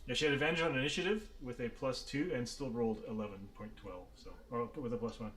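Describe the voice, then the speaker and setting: Man, game master, tabletop game, easygoing, explains rules, mid-pitched. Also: quick pace, noisy background. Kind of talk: running a tabletop game, casual.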